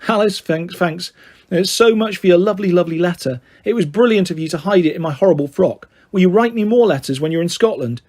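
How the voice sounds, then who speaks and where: A man's voice: high-pitched, fast, darkish tone. A man voicing a bold, impulsive young schoolgirl who talks in a pleading, dramatic way, reading a storybook aloud.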